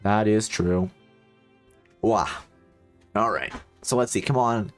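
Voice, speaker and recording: Low-voiced man chatting on a game stream. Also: takes it slowly, soft background music. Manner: rambling, joking asides to chat. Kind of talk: casual let's-play chat.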